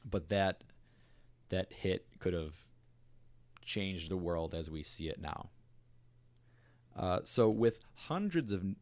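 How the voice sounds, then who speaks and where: Man, very low voice, podcast host, casual storytelling, loose and chatty, dry close mic. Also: dry recording. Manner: relaxed and conversational, with fillers and asides.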